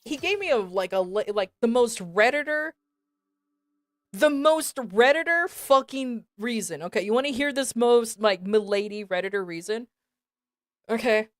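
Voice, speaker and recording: A woman's voice: fairly high pitch, normal speed, no echo, clean studio sound. A woman streamer telling a story to her chat in a casual, rambling way, swearing often. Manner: swears a lot, animated and rambling.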